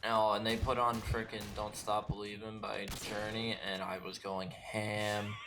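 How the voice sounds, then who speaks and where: A man's voice: fairly low pitch, flat delivery, unhurried, heavy background noise. A young man rambling through stories in casual voice-chat banter. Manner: rambling storyteller.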